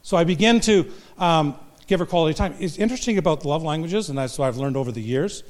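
Older man, pastor, self-deprecating jokes, live talk, slightly raised pitch. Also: fast talker. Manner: self-deprecating, joking storyteller. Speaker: pastor and marriage counselor. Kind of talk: humorous talk to a live audience.

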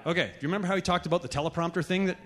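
A man leading a church gathering, teaching in a relaxed, conversational way. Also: sits high, racing. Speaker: church leader. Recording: echoey hall reverb.

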